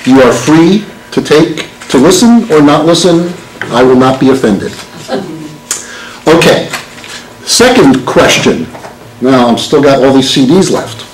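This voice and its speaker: A man's voice: medium pitch, lively intonation, a little slow, pauses often. A man in his sixties, a lawyer giving a live talk, joking and quizzing the audience. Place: meeting hall with an audience. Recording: roomy hall with faint noise.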